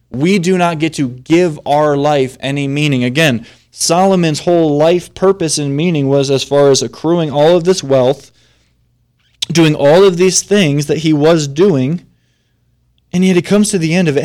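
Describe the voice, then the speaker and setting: A man's voice: fairly high pitch, a little mellow. A man preaching a Sunday sermon in a conversational way, building to emphatic stress on key lines. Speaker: pastor.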